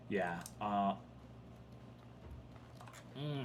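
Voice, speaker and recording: Here the same young Texas gamer speaks slowly, with long pauses and big swings in pitch, his voice on the low side. He swears freely as frustration builds during his loose, rambling livestream commentary. Soft typing from his home setup and slight background noise can be heard.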